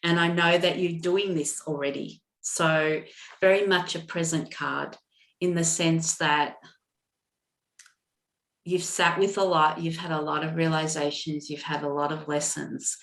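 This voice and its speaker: A woman giving an intuitive card reading on a video call, speaking gently with many pauses and restarts. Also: sits low, fairly even intonation, reverberant. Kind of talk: live online card reading.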